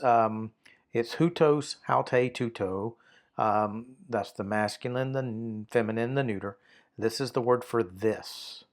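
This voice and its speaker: A man teaching a Greek grammar lesson, talking through a textbook with many fillers and restarts and sometimes reading passages aloud. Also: medium pitch. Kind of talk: unscripted lesson walkthrough.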